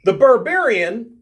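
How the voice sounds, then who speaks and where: A man narrating as game master of a tabletop game, restarting often and laughing along. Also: very high-pitched.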